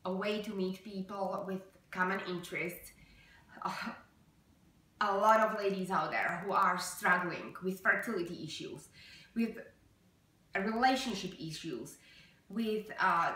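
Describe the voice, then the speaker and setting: A woman speaks to her viewers in a personal vlog, earnest and emotional, halting on fillers and restarts. Her voice is bright and forceful. She sits away from the mic in a very echoey room. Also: mid-range voice, distant mic. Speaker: vlogger. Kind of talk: personal vlog talk to camera.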